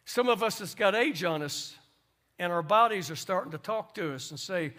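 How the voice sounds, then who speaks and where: A male pastor, preaching a sermon and swinging from soft asides to loud emphasis. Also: high voice, fairly quick.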